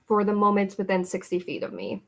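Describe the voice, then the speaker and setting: A woman playing a tabletop game, deliberate and playful as she explains her moves. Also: medium pitch, expressive, creaky. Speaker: player. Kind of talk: casual tabletop game play.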